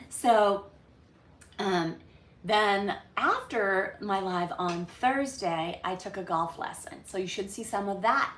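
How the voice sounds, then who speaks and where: A woman hosting a casual livestream from home, rambling through her weekly recap with lots of ums and pauses. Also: mid-range voice, animated, fairly bright tone, slight background noise. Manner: rambling, chatty, many ums. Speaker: livestream host. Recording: echoey room.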